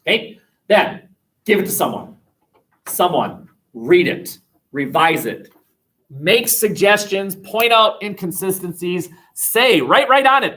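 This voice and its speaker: Lively, joking male history teacher. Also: high-pitched, slow. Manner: animated and joking, with rhetorical questions. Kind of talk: classroom lecture. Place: classroom. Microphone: webcam.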